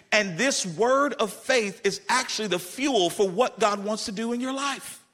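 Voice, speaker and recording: A man's voice: sits high, unhurried, hardly any pauses, a bit bright. A middle-aged man preaching a sermon as pastor, with emphatic delivery that repeats key phrases.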